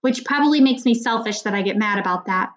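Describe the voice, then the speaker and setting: A woman's voice: a little high, fast, natural voice. Woman reading a defiant teenage girl. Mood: earnest. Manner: loud and challenging. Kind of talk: audiobook character reading.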